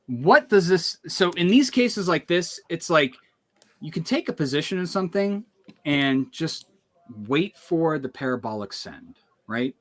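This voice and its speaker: A man's voice: a little high, fairly bright tone. Upbeat man hosting a livestream. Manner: upbeat hype, rambling restarts. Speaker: livestream host. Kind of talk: casual livestream chat.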